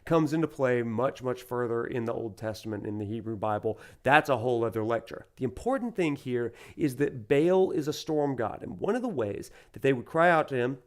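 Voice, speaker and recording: A man's voice: mid-range voice, a little fast, hardly any pauses. Southern US male professor lecturing over gameplay. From Alabama, USA. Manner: animated, rambling and full of fillers. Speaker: university professor.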